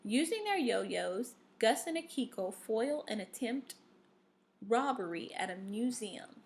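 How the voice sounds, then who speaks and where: Slow, patient woman teaching reading. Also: a little high, very animated, darkish tone. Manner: patient, instructive, with frequent fillers and "okay?" checks. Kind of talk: recorded reading lesson.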